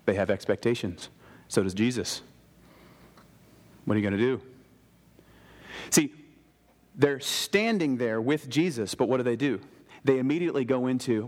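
A man preaching a sermon as a pastor, animated, slipping into casual modern voices for biblical characters. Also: mid-range voice, moderate pace, pauses often, big-room sound.

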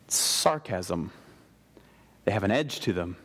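A man preaching a sermon as a pastor, animated, slipping into casual modern voices for biblical characters. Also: sits low, unhurried, husky, long reverb tail.

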